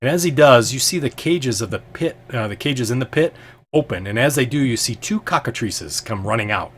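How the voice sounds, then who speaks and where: A man's voice: medium pitch, animated, brisk, a bit bright, slight background noise. A man narrating as game master of a tabletop game, hesitant and full of ums and restarts.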